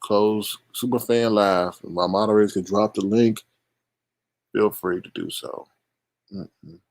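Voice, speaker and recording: A man's voice: lowish voice, steady tone, slow. A man hosting a casual live stream who rambles, repeats himself and teases his callers.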